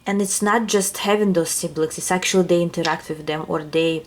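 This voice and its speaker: Woman, non-native English accent, tarot reader, slightly low voice, musing and unhurried. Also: fairly even intonation. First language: not English. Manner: musing, searching for words. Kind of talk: casual tarot reading.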